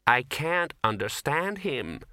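A man's voice: mid-range voice, big pitch swings, normal speed, bright, forceful tone, dry recording, studio quality. A man voicing a shaken young actress who is tired and stubborn, speaking in an exasperated, pleading way.

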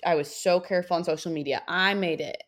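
A young woman co-hosting a podcast, chatting casually in an animated, rambling way. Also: lowish voice, quick pace. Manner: animated, rambling, self-conscious. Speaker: podcast co-host. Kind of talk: casual chat.

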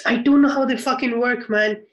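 A man's voice: extremely high pitch, fairly even intonation, a little fast, fairly bright tone, rough recording. A man co-hosting a film podcast, casual and heated, swearing and rambling with many restarts. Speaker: podcast co-host.

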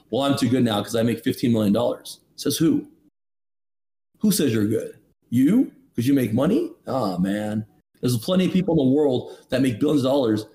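A man in his thirties, guesting on a podcast, tells a personal story as candid motivational talk, punctuated by emphatic, preachy rhetorical questions. His voice sits on the high side with a darkish tone.

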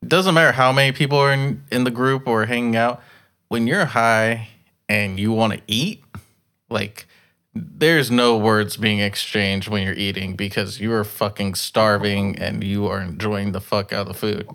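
A man's voice: fairly low pitch, steady tone, moderate pace, a bit bright. A man co-hosting a podcast, telling stories in casual chat, laid-back and swearing freely. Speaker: podcast co-host.

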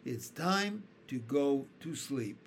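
A man reading a children's storybook aloud, voicing an old, stern male grasshopper who speaks slowly and scornfully. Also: medium pitch, expressive, a little hiss or hum. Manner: slow, scornful and dignified.

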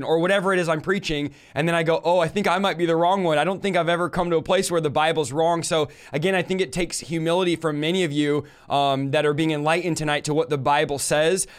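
A man's voice: on the high side, steady tone, fast, hardly any pauses, clean tone. A young man hosting a livestream, talking with enthusiasm and speaking straight to his viewers. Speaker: host. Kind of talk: casual livestream talk.

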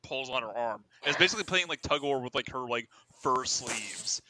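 A man's voice: mid-range voice, lively intonation, a little fast, sharp tone, dry recording, poor audio. A man casually discussing a movie, full of "like" fillers and sardonic jabs at the plot. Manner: filler-heavy, sardonic, picks apart the plot. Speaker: podcast co-host.

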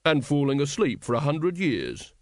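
A male narrator voices a pompous middle-aged man who fancies himself a royalty expert, lecturing knowingly and ponderously about kings. His voice is fairly high, very animated and a little mellow, at a normal pace. The recording is dry with clean studio sound.

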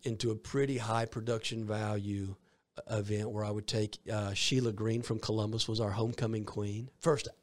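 A Southern US man with a low-pitched voice, a minister recounting his stage ministry for an interviewer. He rambles, circling back and restarting phrases as he goes. His tone stays conversational and easy. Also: level tone, normal speed, no room sound. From Georgia, US. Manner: rambling, with many fillers and restarts. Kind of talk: storytelling in an interview.

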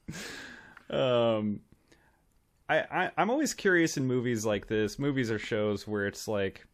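A man's voice: lowish voice, a bit bright. A man co-hosting a podcast in casual chat, joking, rambling and laughing often. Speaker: podcast co-host.

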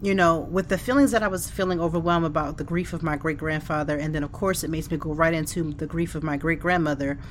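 A woman's voice: low-pitched, fairly even intonation, fast, few pauses, slight background noise. A middle-aged woman hosting a podcast from her home office, talking in a heartfelt, conversational way. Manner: heartfelt, conversational, with frequent "like" and "you know". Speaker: podcast host. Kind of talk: reflective podcast monologue.

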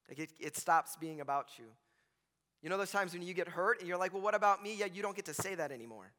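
A man preaching a sermon in a church sanctuary. His voice sits high and sounds bright and forceful. A long reverb rings around him from the big hall as he keeps checking in with the room. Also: animated, fast talker. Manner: conversational and joking, constantly checks in with "right?". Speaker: pastor.

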